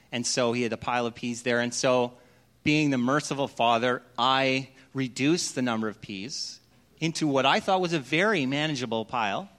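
A middle-aged man preaching a sermon as a pastor, telling stories in a conversational way and dropping to a hushed voice at tender moments. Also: mid-range voice.

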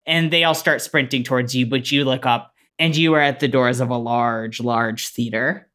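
A woman's voice: rumbling low, fairly even intonation, moderate pace, fairly bright tone. A woman narrating as game master in a tabletop game, loose and rambling, swearing as she goes.

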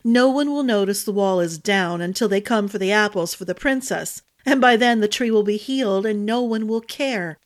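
A woman's voice: medium pitch, moderate pace, few pauses, close to an everyday voice. Woman doing a bold, playful young man. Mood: persuasive.

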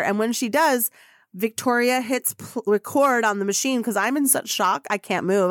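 A woman hosting a podcast, telling a personal story in an excitable, gushing way and swearing casually. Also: mid-range voice, no echo, studio quality. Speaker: podcast host.

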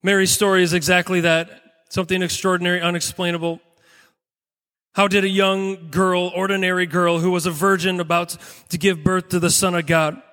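High bright-voiced male pastor, echoey hall. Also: little pitch movement. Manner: earnest storytelling with dramatic pauses. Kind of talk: sermon.

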